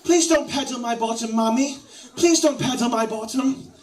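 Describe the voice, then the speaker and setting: A man's voice: normal speed, far from the mic, poor audio. A man doing a whiny little boy. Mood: whining. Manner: high whining, giggly. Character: childish begging young British boy.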